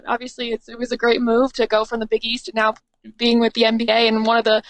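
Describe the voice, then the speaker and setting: A young woman in her twenties, a sports team reporter, talking upbeat and quickly with fillers and restarts in a remote podcast interview. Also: on the high side, a bit bright, dry recording, low-quality recording. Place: remote, away from the studio.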